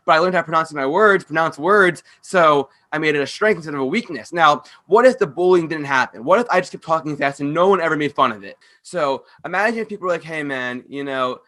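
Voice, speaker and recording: A brash male podcast host who talks quickly yet pronounces each word clearly. His tone is forceful and bright, his voice sits a bit high, and he is blunt and freely profane. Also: animated. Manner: fast-talking, with clear pronunciation. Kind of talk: casual podcast rant.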